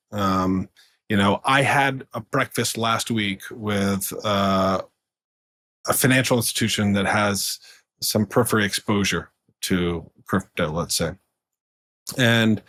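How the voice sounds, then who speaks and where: A man with a lowish, fairly bright voice is a guest on a podcast, casually telling a story. His rambling talk is packed with fillers and restarts, and he laughs mid-sentence.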